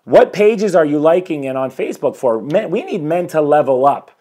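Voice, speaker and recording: Streaming live from his home, a life coach in his forties speaks to viewers about self-improvement, greeting newcomers as they join. His warm, slightly high voice is expressive and moves at a normal speed, and his motivational talk comes across energetic and a little rambling.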